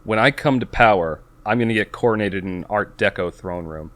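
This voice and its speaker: A man co-hosting a podcast, talking casually in a rambling, self-interrupting way with quick laughs. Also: lowish voice, fairly bright tone. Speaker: podcast co-host. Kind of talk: casual chat.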